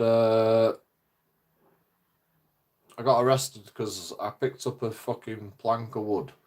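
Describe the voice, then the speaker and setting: A man, telling a story on his channel in a casual, profane, indignant way. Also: on the low side. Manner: swearing heavily, animated, indignant. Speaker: channel host.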